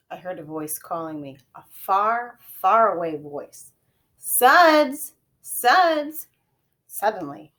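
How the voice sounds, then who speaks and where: A woman reading a children's chapter book aloud in a gentle storytelling manner, dropping to quiet whispers at times. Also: on the low side. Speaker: reader.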